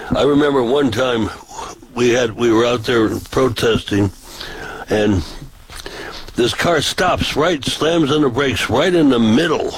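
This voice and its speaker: Casual storytelling from an older man who preaches on the street, folksy and meandering, often starting over. His voice is husky and medium in pitch, captured in a low-quality recording.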